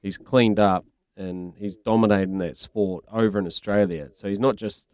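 A man's voice: on the low side, fairly even intonation, moderate pace, darkish tone, no echo. A man hosting breakfast radio from a studio, chatty and laughing often. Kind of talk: casual radio banter.

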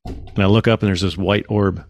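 A man hosting a casual chat, telling stories in an animated way and acting out quotes. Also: low voice, normal speed. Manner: animated storytelling, acts out quotes. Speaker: podcast host.

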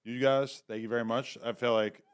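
A man's voice: mid-range voice, fairly even intonation, a little fast, smooth. A man hosting a casual chat, easygoing and joking as he asks questions. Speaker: host.

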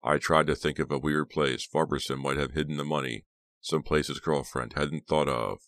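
A man's voice: rumbling low, fairly even intonation, moderate pace, a bit bright, no room sound. A man voicing a groggy, injured teenage boy who groans through his story.

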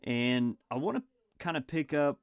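A man's voice: fairly high pitch, lively intonation, normal speed, smooth, no room sound, clean studio sound. A man in his thirties hosting a casual podcast, a father of two, talking in a rambling, friendly way with frequent restarts. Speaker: podcast host.

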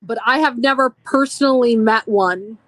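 A woman's voice: fairly high pitch, normal speed. A woman from Minnesota chatting wryly as a podcast guest, laughing easily. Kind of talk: casual podcast chat.

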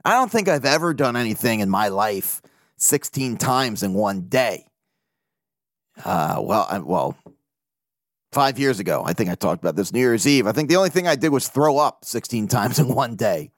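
Male solo sports podcaster, lively swooping delivery, profane and self-mocking, dry close mic. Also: medium pitch, moderate pace, dry recording. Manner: animated, rambling, swears freely, laughs at himself. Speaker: podcast host.

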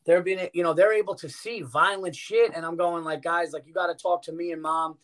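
A man's voice: on the high side, a little fast. A middle-aged man, a comedian guest on a podcast, telling stories in casual chat and swearing freely. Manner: animated storyteller, swears freely.

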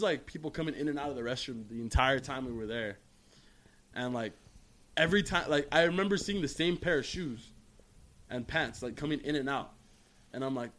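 Man, podcast co-host, casual storytelling, relaxed, chatty, middle pitch. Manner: relaxed, loose, chatty with fillers and swearing.

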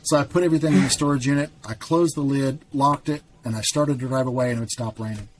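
A man's voice: medium pitch, fairly even intonation, quick pace, a little hiss or hum. Earnest middle-aged man telling a faith story. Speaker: podcast guest. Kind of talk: casual faith testimony.

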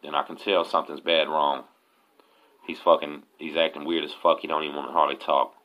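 Texan male host, very low gravelly voice, slangy profane storyteller, lo-fi audio. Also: little pitch movement, a little fast. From Texas, USA. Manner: profane, slangy, street talk. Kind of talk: casual storytelling.

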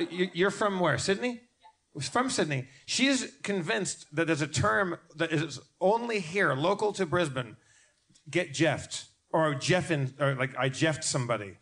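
A man co-hosting a live comedy podcast, telling stories in stuttering bursts and swearing freely. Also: high-pitched. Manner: fast, stuttering, profane storytelling. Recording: live show with loud audience.

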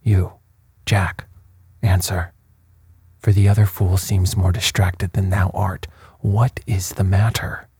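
A curt, commanding prince who has run out of patience with his servants, read by a man. The voice stays low and dark, with a husky, breathy edge, and the lines come slow and clipped. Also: flat delivery, no echo, heavily acted. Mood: impatient. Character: stern proud male prince, short-tempered lord.

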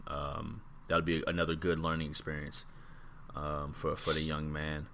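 A man's voice: extremely low pitch, monotone, normal speed, fairly bright tone, slight background noise. A man co-hosting a casual podcast, musing in a laid-back way and trailing off with ums. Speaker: podcast co-host. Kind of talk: casual wrestling podcast chat.

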